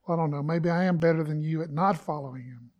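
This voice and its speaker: A man's voice: on the high side, fast talker, darkish tone, dull audio. A man preaching a conversational sermon to his congregation, acting out quoted lines with emphasis. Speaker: pastor.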